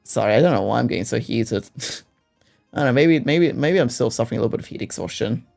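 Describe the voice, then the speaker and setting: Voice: medium pitch, lively intonation, vocal fry, darkish tone. A streamer playing a detective game, reading the text aloud and ranting at the characters with plenty of swearing and laughter. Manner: heated and profane, quick to rant at characters; breaks into laughter between rants. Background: faint background music.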